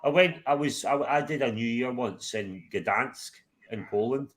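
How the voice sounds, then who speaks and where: A man's voice: medium pitch, measured pace, fairly bright tone. A Glaswegian man hosting a livestream, chatting casually, swearing freely and laughing often. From Scotland. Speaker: livestream host.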